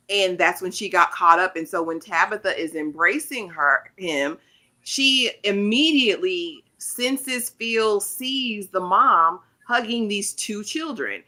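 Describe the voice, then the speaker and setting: A woman's voice: mid-range voice, lively intonation, slow pace, sharp tone. A woman hosting a TV recap panel, retelling scenes and putting questions to her co-hosts. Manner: storytelling recap, then hands questions to panelists. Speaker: host. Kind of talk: casual TV recap chat.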